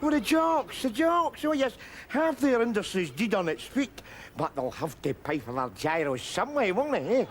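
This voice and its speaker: Rab, ranting Glaswegian loudmouth. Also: male voice, sits high, very animated, moderate pace, hardly any pauses. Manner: ranting, combative, mock-grand speeches. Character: loud brash middle-aged Glaswegian street philosopher. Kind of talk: sitcom acting. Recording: TV sitcom audio with background noise.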